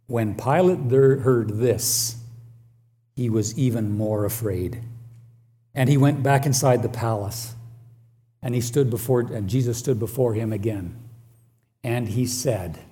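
A man preaching a sermon and reading scripture aloud, slow and deliberate, rising louder on key lines. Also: mid-range voice.

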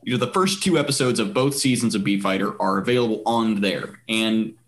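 A man's voice: lowish voice, brisk. Rambling male podcast host. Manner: rambling, many fillers and restarts. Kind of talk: casual podcast chat.

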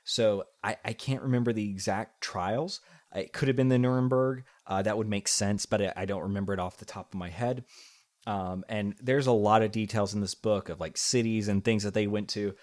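A man with a low voice co-hosts a casual book podcast. He talks earnestly and slowly finds his words. The sound is dry and close. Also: steady tone, darkish tone, no echo. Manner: earnest, hesitant with fillers and restarts. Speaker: podcast co-host.

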